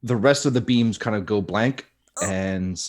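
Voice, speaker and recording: A man narrating a tabletop game as game master, with many pauses and fillers. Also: fairly low pitch. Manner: hesitant, filler-heavy narration.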